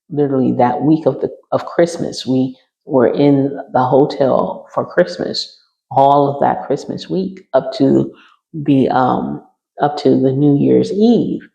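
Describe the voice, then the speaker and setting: A woman's voice: a bass voice, vocal fry, mellow. A woman teaching a healing class, telling a personal story to her listeners and circling back over her own phrases as she recounts it. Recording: roomy and slightly muffled.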